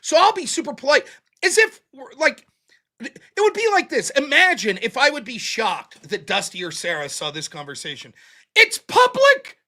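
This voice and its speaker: A high-pitched man ranting on his livestream, his voice swinging up and down as he mocks people. He sounds bright and cutting. He swears freely. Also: moderate pace. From United States. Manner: animated ranting, profane, mimics others mockingly. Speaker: host. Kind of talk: casual livestream debate chat.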